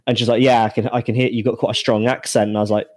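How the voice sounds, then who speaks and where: Casual podcast co-host: man, Shropshire accent, relaxed, jokey delivery. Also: mid-range voice, rapid-fire. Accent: Shropshire English. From Shropshire, England. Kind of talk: casual chat.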